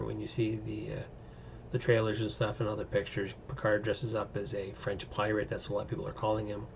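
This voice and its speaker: A man's voice: fairly low pitch, creaky, darkish tone, highs cut off, slight background noise. A man giving a casual, opinionated recap and review of TV episodes, rambling with many fillers. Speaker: show reviewer.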